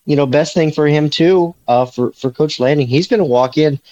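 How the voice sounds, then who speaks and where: A man's voice: a little high, moderate pace, warm tone, lo-fi sound. A man co-hosting a casual sports podcast, rambling with lots of fillers and restarts. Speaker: podcast co-host, recruiting beat reporter.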